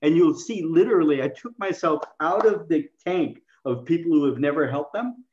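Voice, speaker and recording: A man speaking as a guest in an interview, explaining communication to health practitioners in an animated way and acting out quoted lines. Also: fairly high pitch, moderate pace, roomy sound, lo-fi sound. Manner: animated, acts out patients and himself in quoted lines. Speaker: health coaching expert guest.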